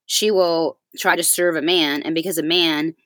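A woman with a lowish voice tells a personal story on a talk show, bringing the other people in it to life as she quotes them. The sound is close and dry, with no room around it. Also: fairly even intonation, normal speed, fairly bright tone, no room sound. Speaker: podcast co-host. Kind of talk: casual chat.

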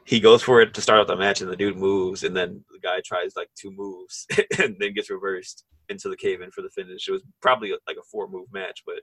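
Young man, husky, bright, dry close sound, rambling excited podcast chat. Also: deep voice, no room sound, rough recording. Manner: excitable, laughs often, fast and rambling. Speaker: podcast co-host. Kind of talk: casual wrestling chat.

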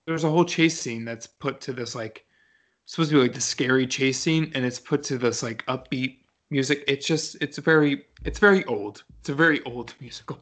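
A young man chatting casually as a podcast co-host, his voice sitting at an ordinary middle pitch. He is talkative and excitable, often breaking off mid-sentence and starting again. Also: normal speed. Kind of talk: casual chat.

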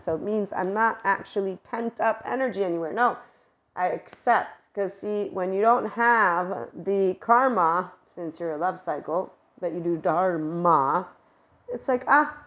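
A woman hosting a spiritual talk, speaking in a casual, animated monologue with exclamations and offhand swearing. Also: mid-range voice, unhurried. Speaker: spiritual channel host.

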